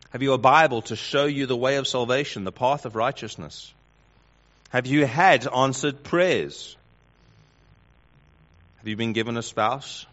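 A man preaching a sermon, building through rhetorical questions and swinging between loud emphasis and hushed lines. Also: mid-range voice. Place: church hall with congregation. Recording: dull lo-fi sound.

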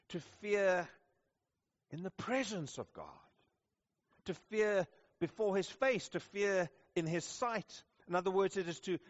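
A man's voice: sits high, dull audio. A man preaching a sermon to his congregation, earnest and pleading, sometimes pressing hard with questions. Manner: earnest, rising to intense questioning then softening. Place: church service with congregation.

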